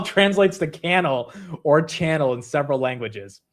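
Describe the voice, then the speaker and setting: A young man hosting a casual livestream, laughing at himself and reacting quickly to the chat. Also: medium pitch. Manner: animated, self-mocking, reacting to chat. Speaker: livestream host.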